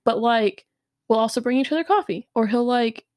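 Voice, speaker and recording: A woman in her thirties co-hosting a podcast, telling stories in a casual, animated and crude way, full of fillers and restarts. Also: fairly high pitch, moderate pace, no echo, clean studio sound. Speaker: podcast co-host. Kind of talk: casual storytelling chat.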